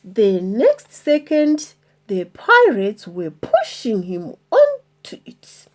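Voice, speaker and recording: A woman reading a children's storybook aloud in an expressive, deliberate manner. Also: fairly high pitch.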